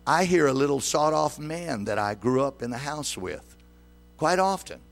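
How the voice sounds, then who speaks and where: A man's voice: on the high side, expressive, normal speed, vocal fry. A man in his sixties preaching a sermon as pastor, often putting questions to the congregation. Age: 60s.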